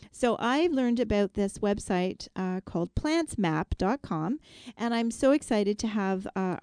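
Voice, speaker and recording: A woman's voice: medium pitch, warm tone, clear, resonant tone, no room sound. A middle-aged woman hosting a talk show in a chatty, rambling way, full of fillers and restarts. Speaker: radio show host and landscape designer. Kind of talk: casual talk-show chat.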